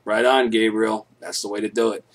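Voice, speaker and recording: A young man hosting a live stream, telling stories casually, laid-back, swearing a lot and getting loud when he acts things out. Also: on the low side, fairly even intonation, brisk.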